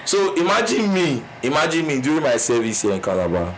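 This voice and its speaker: A Nigerian man chatting casually as a podcast co-host, telling stories with lots of laughter and getting quiet and earnest when he makes a point. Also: on the high side, a little fast, slight background noise, low-quality recording. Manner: animated storytelling, laughs often, drops to a quiet earnest tone when making a point. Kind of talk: casual chat.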